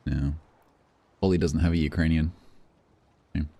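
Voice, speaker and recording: Male streamer, deep and warm, animated, chatty, thinking aloud while gaming. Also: a little slow, no echo. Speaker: game streamer. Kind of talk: casual live-stream commentary.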